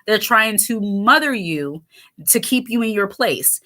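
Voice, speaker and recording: A woman in her late thirties hosts a casual livestream and talks straight to her viewers in a chatty, candid way. Her voice sits fairly high and sounds bright and forward. She laughs easily as she goes. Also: lively intonation, measured pace. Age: 30s. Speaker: channel host reading viewer comments.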